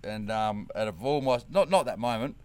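A man's voice: lowish voice, expressive, normal speed, a little mellow, smooth. A man with an Australian accent, a guest telling a story in rambling casual conversation, swearing often and leaning on fillers.

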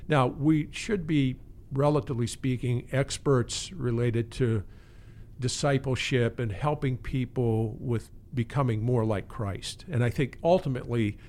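Earnest man, mid-pitched pastor. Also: measured pace, a little mellow. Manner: earnest, reflective, with frequent restarts. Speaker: pastor and pastoral care teacher. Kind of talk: conversational interview.

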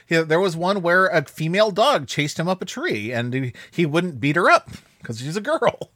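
A man's voice: a little high, very animated, moderate pace, a bit bright, no room sound, studio quality. A man co-hosting a podcast, chatting playfully about old cartoons and acting out lines. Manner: laughing, playful, acts out quotes. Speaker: podcast co-host. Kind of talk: casual chat reviewing cartoons.

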